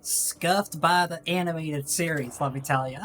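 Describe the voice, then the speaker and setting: Low-voiced woman in a put-on Texas drawl. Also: a little slow, background noise. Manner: rambling, swearing, drawling. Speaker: streamer. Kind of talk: gaming livestream commentary.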